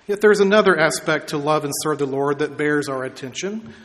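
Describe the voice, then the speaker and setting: A male pastor giving a measured sermon, stretching out key words for emphasis, in a church sanctuary. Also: fairly high pitch, a bit bright. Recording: long reverb of a large hall.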